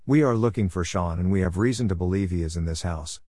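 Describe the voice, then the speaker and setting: A man's voice: low-pitched, fast, dark tone, dry recording, clean studio sound. A man voicing a police officer who calls politely and formally through a door in a spoken story.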